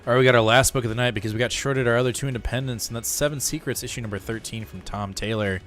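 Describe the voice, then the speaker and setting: A man co-hosting a comic book podcast, joking around and chiming in with quick remarks. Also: mid-range voice, a bit bright, faint music behind. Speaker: podcast co-host. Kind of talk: casual comic book review chat.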